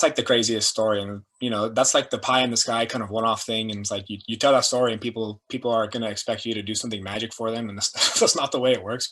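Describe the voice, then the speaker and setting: A man's voice: mid-range voice, fairly bright tone. A young adult man, a performance coach, telling stories casually and animatedly, with lots of "like" and "dude". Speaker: strength and performance coach, guest. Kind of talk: casual storytelling.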